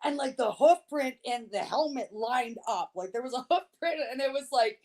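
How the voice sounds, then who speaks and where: A woman with a voice pitched a bit high tells a story in casual podcast chat. She swears freely and keeps it lively, often breaking into laughter. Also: moderate pace. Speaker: podcast guest.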